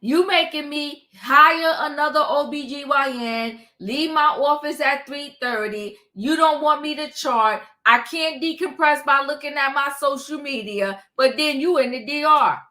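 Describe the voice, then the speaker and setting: Woman, high bright voice, slow animated recap commentary. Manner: animated, acts out quotes with rising pitch. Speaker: reality show recap host. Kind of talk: casual commentary.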